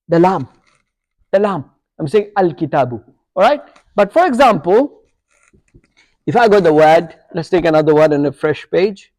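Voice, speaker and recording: A man's voice: a little high, lively intonation, normal speed, long pauses, darkish tone. A man teaching an Arabic grammar lesson to a live class, quizzing students and checking in with "okay?" and "yeah?" as he goes. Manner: corrects his own slips aloud.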